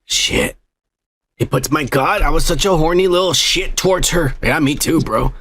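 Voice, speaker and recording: A man's voice: on the high side, normal speed, a bit bright, husky. A man hosting a podcast in crude, profane casual chat, reading listener comments aloud and joking with his co-host.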